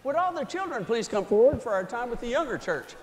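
A man's voice: very high voice, very animated, quick pace, a little hiss or hum. A middle-aged man telling a story to children in a church sanctuary, playful and coaxing. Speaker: church leader giving the children's message. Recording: long church hall reverb.

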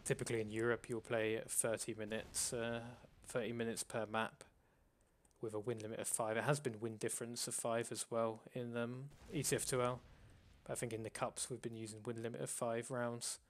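A man hosts a casual live stream and walks viewers through game rules. His voice sits at an ordinary pitch, and he calls it monotone himself. He talks with plenty of fillers and restarts. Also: moderate pace. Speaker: host.

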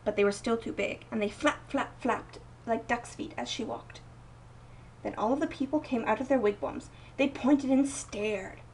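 A young woman reading a picture book aloud at home, gentle and expressive, softening her voice for quieter moments. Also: a little high, moderate pace, distant mic, a little hiss or hum, rough recording. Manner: gentle, expressive read-aloud with soft dips for quoted lines. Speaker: storybook reader.

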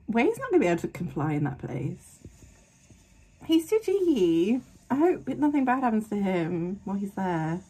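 Breathy, lively woman reacting out loud. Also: mid-range voice, a little slow, pauses often. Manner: gasping, exclaiming, blunt and swearing. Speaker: anime reaction host. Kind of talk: live reaction commentary.

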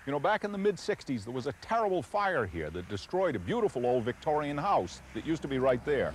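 A man with a New England accent hosts a travel show outdoors on location, speaking enthusiastically with plenty of exclamations. His mid-range voice is sing-song and fairly quick, and there's a little hiss or hum in the recording.

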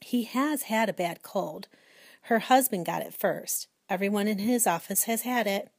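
A kind, patient schoolteacher from a children's storybook, as a woman reading aloud puts her on. She speaks gently and reasonably, at an ordinary pitch, in a dry, close sound. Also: moderate pace, creaky, no room sound. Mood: calm.

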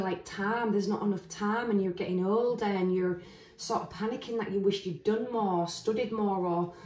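A woman's voice: medium pitch, a little mellow. A woman doing a casual tarot reading. She talks in a chatty, earnest way and thinks aloud with restarts. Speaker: tarot reader. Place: indoors, standing at a table of cards. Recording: roomy echo, voice heard from a distance.

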